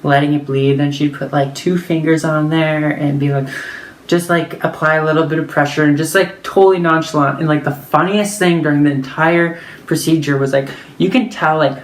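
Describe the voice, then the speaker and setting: A woman's voice: sits low, fairly even intonation, moderate pace. Chatty woman vlogger in an echoey room. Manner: chatty, filler-heavy, lots of "like". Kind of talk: casual storytelling.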